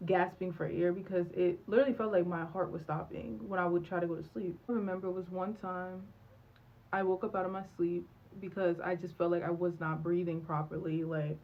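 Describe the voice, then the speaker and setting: Young adult woman, candid storytime vlog voice, animated delivery, slightly dull recording. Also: on the low side, a little fast. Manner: animated, candid, acts out dialogue with many fillers. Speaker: vlogger.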